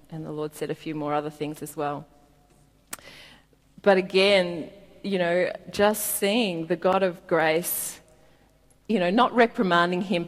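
A woman giving a gentle, reflective sermon, reading scripture and laughing softly now and then. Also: fairly low pitch. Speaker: preacher. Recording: long reverb in a hall.

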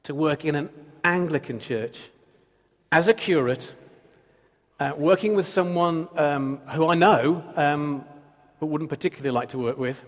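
Earnest male preacher, slightly high voice, long church reverb. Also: measured pace. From Britain. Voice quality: earnest, builds through repeated phrases. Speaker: pastor. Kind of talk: sermon.

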